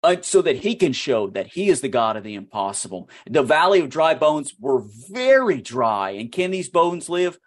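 Excitable male filmmaker telling a story. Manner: animated, excitable storyteller, quick to rise in pitch. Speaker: filmmaker guest. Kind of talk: storytelling interview.

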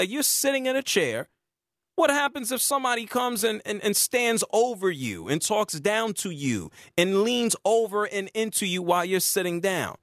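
A man's voice: no echo, clean studio sound. A man hosting a sports talk radio show, arguing his point with emphasis. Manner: emphatic, argumentative, lively pitch swings.

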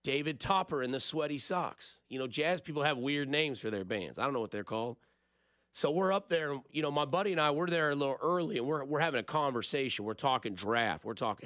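A man's voice: on the high side, expressive, fairly quick, fairly bright tone, dry recording, studio quality. A man, hosting a sports radio show in a rambling, jokey storytelling way. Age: 30s. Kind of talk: casual radio talk.

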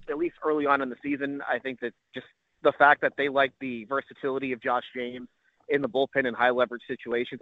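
A man reporting on baseball in a call-in interview, answering quickly with plenty of fillers. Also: medium pitch, dry recording. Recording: tinny phone line.

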